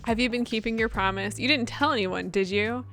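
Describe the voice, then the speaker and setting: A woman's voice: fairly high pitch, a little fast, a bit bright, faint music behind. Woman reading as a smug male company boss. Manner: smug, boastful salesman patter. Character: pompous middle-aged male company president.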